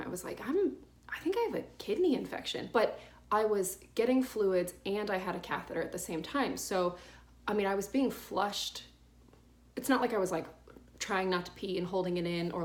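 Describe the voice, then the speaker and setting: A woman's voice: medium pitch, moderate pace. A young adult woman vlogger telling a long personal story in a casual, rambling way, full of fillers and restarts.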